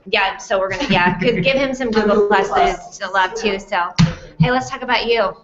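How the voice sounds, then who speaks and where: A woman's voice: medium pitch, moderate pace, over loud music. A woman hosting a live conference chat from a theater stage, bubbly and effusive in casual interview talk. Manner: bubbly, effusive, laughs often. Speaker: host. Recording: echoey room, dull lo-fi sound.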